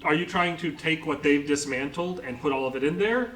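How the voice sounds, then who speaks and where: A man running a tabletop game as game master, explaining calmly with frequent pauses and ums. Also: a little high. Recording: echoey room, faint noise.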